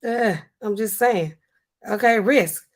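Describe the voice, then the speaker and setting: A woman's voice: medium pitch, takes it slowly. A young American woman hosting a casual livestream, chatting to viewers in a loose, talkative way. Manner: chatty, addresses viewers directly. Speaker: livestream host.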